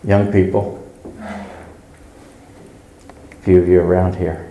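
A man's voice: deep voice, very animated, slow, pauses often, dark tone, roomy sound, slight background noise, poor audio. A man preaching a conversational sermon at a church service, earnestly putting rhetorical questions to the congregation.

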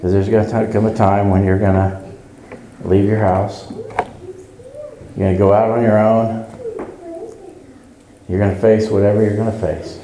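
Male preacher, earnest rhetorical questions, low mellow voice, echoey church room. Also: flat delivery, moderate pace, long pauses, slight background noise. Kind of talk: conversational sermon. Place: church service.

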